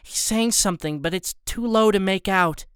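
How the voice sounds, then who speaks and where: A scared mother murmurs urgent warnings in a raised, hushed voice, as a male narrator puts her on. The tone stays smooth and the recording is dry and near. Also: sits high, moderate pace, no echo, voice pushed up. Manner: whispering, tense.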